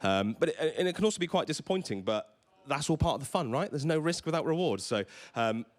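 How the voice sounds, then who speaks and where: A man's voice: a little high, expressive, fast. A man giving an enthusiastic conference talk on stage to a live audience, often stumbling and repeating words. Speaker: conference presenter.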